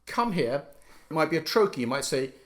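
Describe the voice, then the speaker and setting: A middle-aged violinist gives an informal lecture as a musician, his voice on the high side, expressive and racing. He explains by speaking aloud the very stresses he's describing.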